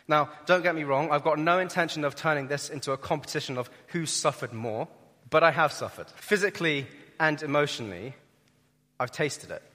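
A young man preaching a sermon, earnest and emphatic, swelling and dropping in loudness. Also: a little high, fairly quick. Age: young adult. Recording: reverberant hall.

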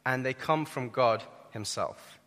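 A young man preaches to a congregation in an earnest, emphatic sermon voice of middling pitch. His delivery swells for key points and drops low for the heavier moments. His voice carries the long reverb of a large hall. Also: unhurried, fairly bright tone. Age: young adult.

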